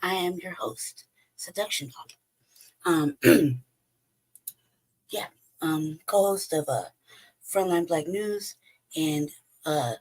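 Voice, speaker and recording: Low-voiced hoarse woman hosting a livestream. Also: animated, darkish tone, rough recording. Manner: rambling, halting, searching for words. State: hoarse, losing her voice. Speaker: host. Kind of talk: casual livestream commentary. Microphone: home streaming setup.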